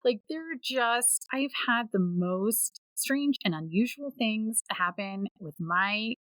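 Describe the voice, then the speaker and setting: A woman's voice: fairly high pitch, takes it slowly, dry recording, poor audio. Woman telling spooky stories on a podcast. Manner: animated storyteller, acts out quoted voices. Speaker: podcast co-host. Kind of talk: casual storytelling chat.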